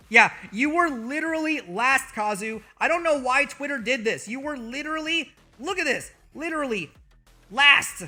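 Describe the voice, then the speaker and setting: A man's voice: high-pitched, lively intonation, moderate pace, bright, forceful tone, faint music behind. A man streaming as a VTuber, talking in a loose, profane, mock-boastful way to his chat. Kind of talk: casual livestream commentary.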